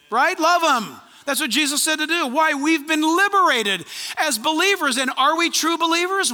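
A man preaching a sermon as pastor, telling stories animatedly and acting out conversations. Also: very high voice. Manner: animated storytelling, acts out conversations. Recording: long hall reverb.

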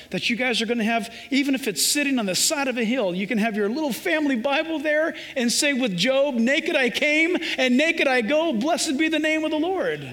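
A man's voice: extremely high pitch, fairly bright tone. A man from Southern California preaching a sermon, emphatic and conversational, acting out little scenes as he goes. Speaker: pastor. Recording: preacher in a reverberant hall.

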